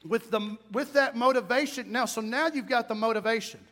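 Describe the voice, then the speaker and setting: A middle-aged pastor delivers a sermon with folksy emphasis, swinging from loud calls to quiet asides at a fairly quick pace. For a man his voice sits high, and the church sanctuary adds a long, trailing reverb.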